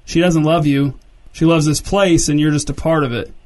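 A man voicing a blunt, jealous young boyfriend who talks low and pushy, calling everyone "dude". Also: steady tone, moderate pace, a little mellow, lightly acted. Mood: brooding.

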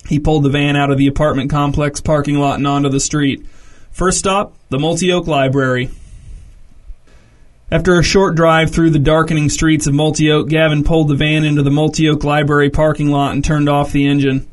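A man reading a comic story aloud in a dry, deadpan narration. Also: fairly high pitch, moderate pace. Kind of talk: scripted narration.

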